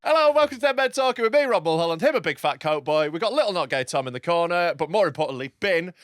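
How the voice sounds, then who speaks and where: A man's voice: fairly high pitch, lively intonation, fast talker, noisy background. A man hosting a comedy podcast, teasing his guest in brash banter. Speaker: podcast host. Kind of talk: casual comedy podcast chat.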